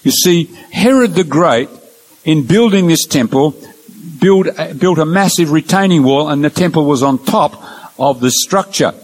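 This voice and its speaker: A man's voice: on the high side, expressive, low-quality recording. Earnest man teaching a Bible lecture. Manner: measured, explains point by point with numbered points.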